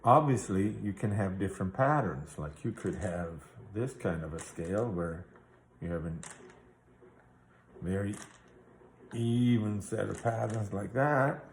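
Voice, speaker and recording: A man's voice: fairly low pitch, a little slow, reverberant, a little hiss or hum. A man teaching a guitar theory lesson, explaining patiently step by step and checking in with the listener. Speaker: music teacher.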